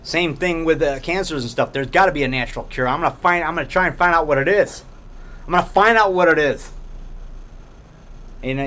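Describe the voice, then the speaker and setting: A middle-aged man talks casually to a camera a friend holds, in a grocery store. His voice sits a bit higher than most men's. He drifts from point to point, repeats himself and keeps adding "man". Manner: rambling, repeats himself, says "man" a lot. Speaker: low-budget filmmaker and video blogger. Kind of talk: casual rambling vlog chat. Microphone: handheld camera held by a friend.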